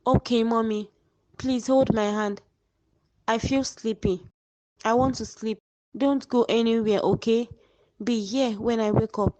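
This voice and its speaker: A woman's voice: fairly high pitch, fairly even intonation, warm tone, no room sound, close to an everyday voice, low-quality recording. A woman voicing a dying young woman in a cartoon drama, weak and remorseful, speaking faintly. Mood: weak tender. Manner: faint, slow farewells.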